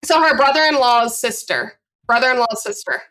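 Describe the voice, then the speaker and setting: A woman's voice: on the high side, normal speed. A woman from the northern United States, a podcast guest telling a story casually and acting out the lines she quotes. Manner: animated, acts out quoted dialogue.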